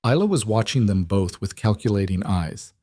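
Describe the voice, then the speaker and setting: Low-voiced male storybook narrator. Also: lively intonation, moderate pace, dark tone, no room sound, clean studio sound.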